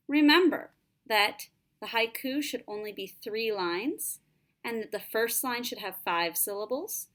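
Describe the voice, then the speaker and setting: A woman teacher giving a patient, clear lesson to students. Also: a little high, fairly bright tone. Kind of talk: classroom lesson narration.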